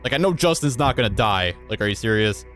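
Excitable man reading and reacting to a game. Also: quick pace, faint music behind. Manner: emotional, excitable, voice jumps high when alarmed. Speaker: let's play host. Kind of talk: reading game text aloud with casual commentary.

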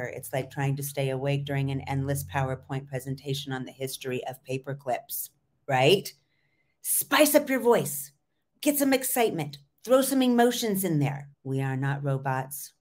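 A middle-aged woman hosting a solo podcast as a voice coach, talking in an animated, emphatic way with frequent asides. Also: low voice.

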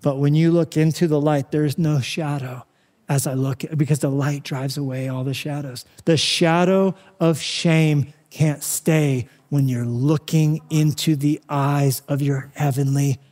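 A male pastor preaching a sermon, swinging between loud urging and hushed, tender passages. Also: a little high, fairly even intonation, unhurried, long reverb tail.

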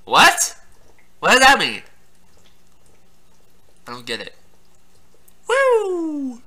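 A man's voice: fairly high pitch, huge pitch swings, takes it slowly, sharp tone. A young man giving casual let's-play commentary, laughing often, swearing and yelping at surprises in the game. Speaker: gameplay commentator.

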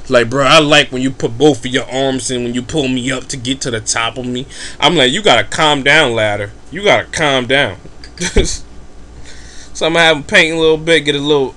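A man's voice: mid-range voice, bright, forceful tone. A man giving casual gameplay commentary, rambling in crude, joking slang. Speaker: let's play commentator.

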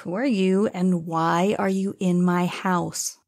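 A man voicing a frightened but firm young woman in an audiobook, speaking softly and carefully. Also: steady tone, slow pace, creaky, no room sound, studio quality, exaggerated voice. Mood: nervous. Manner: soft raised pitch, careful pleading delivery. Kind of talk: audiobook character voice.

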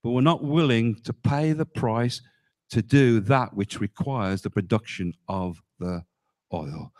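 A male pastor preaching a sermon, emphatic, often dropping low on key words and asking the congregation rhetorical questions. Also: unhurried, darkish tone.

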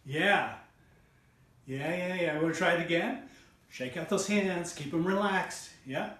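A man's voice: on the high side, measured pace, noisy background. A middle-aged man teaching body percussion in an online lesson, coaxing listeners to join in and chanting rhythm syllables. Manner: encouraging, coaxing call-and-response. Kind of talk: online music lesson for children. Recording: roomy sound, mic at a distance.

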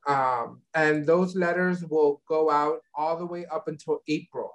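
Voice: mid-range voice, fairly even intonation, unhurried, rough recording. A university advisor explaining admissions steps on a video call, with frequent ums and restarts. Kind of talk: online info session Q&A.

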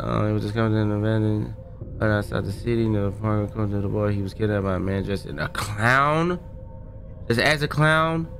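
A man hosting a gaming video, giving casual, slangy let's-play commentary and yelling in fright. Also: fairly low pitch. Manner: excitable, yells in fright, slangy.

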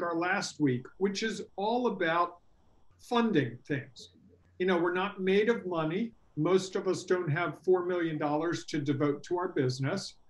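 A middle-aged man coaching entrepreneurs in a casual workshop talk, earnest and animated, acting out quoted dialogue. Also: high-pitched. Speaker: workshop presenter and business coach.

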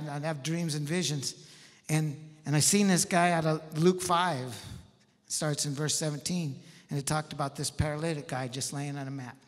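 A man preaching a storytelling sermon in a folksy, animated way, laughing often. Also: a little high. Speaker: pastor. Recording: echoey church hall.

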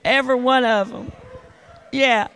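A woman's voice: fairly high pitch, fairly even intonation, measured pace, a bit bright, clear, resonant tone, low-quality recording. A woman preacher telling a testimony in a rambling, fervent sermon that repeats itself.

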